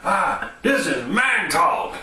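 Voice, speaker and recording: Bossy robot cat, high and shouty, roomy off-mic sound. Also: male voice, big pitch swings, takes it slowly, far from the mic, full character voice. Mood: bossy shouting. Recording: echoey room, off-mic, faint hiss.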